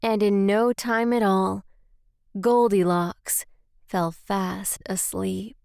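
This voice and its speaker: A woman whose native language is Spanish, reading a children's story aloud in a slow, careful way. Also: medium pitch, steady tone, vocal fry, a little mellow, smooth, no room sound, clean studio sound.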